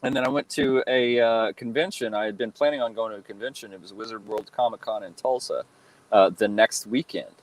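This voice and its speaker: A man in his thirties, a guest telling stories in a relaxed interview, rambling with lots of fillers and restarts. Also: on the low side, fairly quick, low-quality recording. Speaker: guest, fan-film actor and cosplayer. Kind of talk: casual interview chat.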